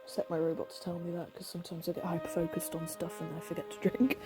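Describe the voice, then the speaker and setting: A woman in her thirties with vocal fry, tired from lack of sleep, chatting casually and rambling with lots of fillers while playing a video game. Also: on the low side, completely flat delivery, fast, music in the background. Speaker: game streamer. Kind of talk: casual let's-play commentary.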